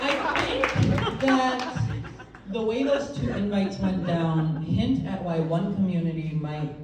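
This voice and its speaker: A woman's voice: mid-range voice, measured pace, over music, a crowd in the background. A woman performing a stand-up comedy set, playful and laughing between punchlines. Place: live comedy venue. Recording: echoey room, distant mic, loud noise.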